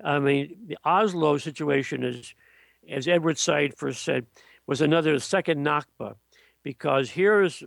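Man, interview guest, blunt scornful political talk, fairly high voice, dry close recording. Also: a little slow, creaky, no room sound. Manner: blunt, scornful, with frequent restarts. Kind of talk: political commentary.

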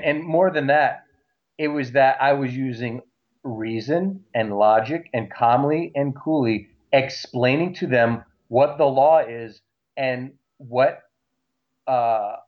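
A man telling a story in casual talk, animated and repeating words as he goes. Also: mid-range voice. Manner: animated, acts out shouting cops; repeats words and restarts often. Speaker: guest recounting a story. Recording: slightly dull lo-fi audio.

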